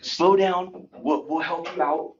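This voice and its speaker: A man voicing a calm emergency dispatcher who talks a panicked caller down. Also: fairly high pitch, slow, muffled recording. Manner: calm, steadying.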